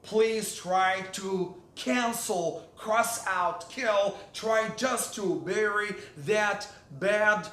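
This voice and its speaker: A man's voice: high voice, fairly bright tone, echoey room. A man, a teacher, giving motivational classroom tips to other teachers, emphatic and repeating key words for stress.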